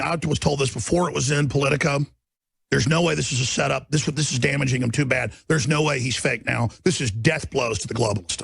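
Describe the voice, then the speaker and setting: A radio talk show host, a man, delivering an impassioned on-air rant that builds into shouting. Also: medium pitch, vocal fry, slightly rough, no echo. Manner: preachy, rising to shouting.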